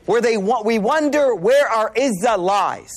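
A man giving a sermon to a live audience, telling stories in an animated way, laughing as he goes, and using casual slang with lots of repeated words. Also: sits high, unhurried. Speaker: Islamic speaker.

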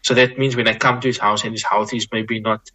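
A man, speaking as a Muslim scholar guest in a reflective conversation, measured and repeating words as he thinks. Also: fairly low pitch, little pitch movement, pushed and bright, rough recording.

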